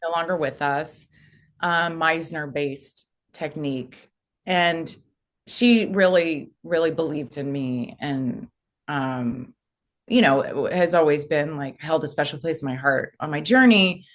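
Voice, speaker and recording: Woman from the US, somewhat low voice, casual interview storytelling, rambling, many fillers. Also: slow pace. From United States. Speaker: actress, podcast guest.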